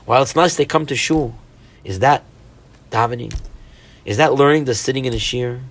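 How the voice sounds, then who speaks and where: A man's voice: medium pitch, normal speed. A man, a rabbi, delivering a weekly Torah-portion sermon, earnest, with rhetorical questions and Hebrew religious terms.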